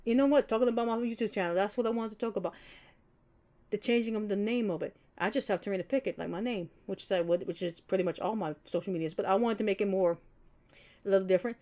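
A young woman hosts her own podcast, talking in a relaxed, mellow tone. She rambles from one thought to the next in an unscripted, chatty way. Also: medium pitch, fast talker. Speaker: podcast host. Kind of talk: casual solo podcast monologue.

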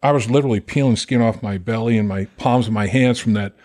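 Animated older man telling stories. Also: on the low side, fast talker. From Boston area, Massachusetts. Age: 60s. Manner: animated, acts out quoted voices, laughs while telling stories. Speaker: podcast guest, former pro football player. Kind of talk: casual storytelling.

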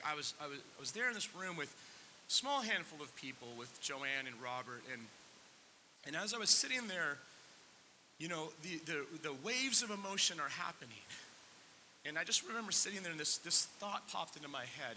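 This pastor's fairly high voice is animated, bright, and forceful, moving a little fast. He preaches conversationally in a church sanctuary, posing questions to the congregation and sometimes on the verge of tears, with long reverb and faint hiss in the sound.

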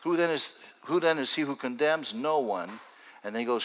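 A man preaching a sermon in a church, talking conversationally and slowing down deliberately for scripture readings. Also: medium pitch, expressive, fairly bright tone, rough recording. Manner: conversational, builds to urgent raised passages; reads scripture slowly and deliberately. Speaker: pastor. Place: church sanctuary with congregation.

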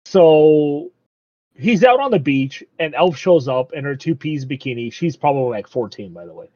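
A man casually recapping a show, laughing often and acting out the characters' lines in quick asides. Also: a little high, expressive, a little mellow, dry recording. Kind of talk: casual chat recapping an anime. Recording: dull lo-fi dry recording.

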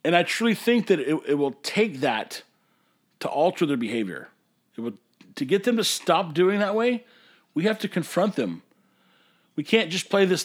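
A man, a brewery owner hosting a podcast, ranting in an emphatic, passionate way that sometimes turns to hollering. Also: a little high. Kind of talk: casual ranting monologue.

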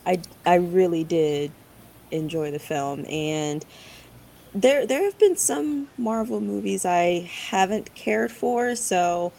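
A woman's voice: on the low side, lively intonation, slow pace, gravelly, dark tone, low-quality recording. Hesitant woman chatting casually. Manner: thoughtful, hesitant with many fillers. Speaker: podcast panelist. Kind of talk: casual group chat.

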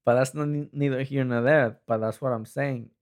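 A man's voice: mid-range voice, steady tone, moderate pace, darkish tone. A man in a casual, rambling rant who swears constantly, often restarting and trailing off mid-thought.

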